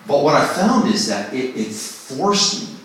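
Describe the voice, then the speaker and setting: A man with a mid-range, sing-song voice speaks at a measured pace with a fairly bright tone, over a little hiss or hum. He's a songwriting workshop speaker teaching a group informally, caught by a distant mic in a very echoey room. His manner is conversational and self-deprecating, and he acts out inner voices.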